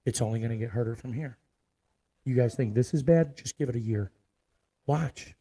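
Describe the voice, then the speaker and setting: A man rants to his viewers in a low, dark voice, cursing freely and driving every point home by repeating it. He sounds forceful and fired up. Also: moderate pace, pauses often, husky, low-quality recording. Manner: profane, forceful, repeats himself for emphasis. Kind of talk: ranting video monologue.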